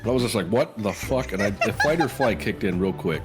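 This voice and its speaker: A man's voice: fairly low pitch, lively intonation, brisk, very noisy. A young man chatting casually as a guest, dry and profane, laughing as he recounts things. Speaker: former roommate and guest. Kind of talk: casual chat.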